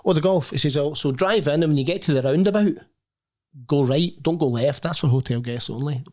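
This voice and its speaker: A man's voice: a little high, fairly quick, a little mellow. A middle-aged man co-hosting a golf podcast, telling jokey anecdotes in casual banter. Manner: chatty anecdotal storyteller, jokey. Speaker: podcast co-host.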